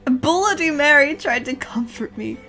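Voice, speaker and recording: A young woman reads a fan story aloud, hamming it up and breaking off for exasperated, sarcastic asides. Her voice is bright and fairly high, and faint music plays underneath. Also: lively intonation, a little slow. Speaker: host reading a fanfic aloud. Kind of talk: dramatic reading with commentary.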